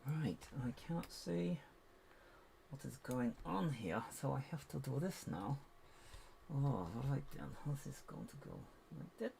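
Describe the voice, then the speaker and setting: A man with a mid-range, animated voice and vocal fry chats unhurriedly while building LEGO, with background noise around him. In this casual live build commentary he mutters to himself while sorting bricks, his voice going cracky as if he needs a drink.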